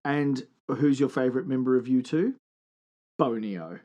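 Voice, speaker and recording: An Australian man co-hosting a casual podcast, teasing and joking his way through the chat. His pitch sits in an ordinary middle range for a man, and his delivery is loose, playful and full of banter. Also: measured pace, darkish tone. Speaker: podcast co-host.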